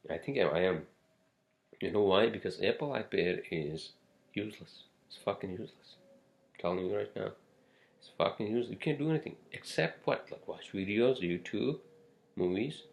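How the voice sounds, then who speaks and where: A man's voice: on the low side, expressive, moderate pace, creaky. A man hosting a casual solo podcast, rambling from topic to topic with frequent swearing and fillers. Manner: rambling, profane, many fillers and asides. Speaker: podcast host.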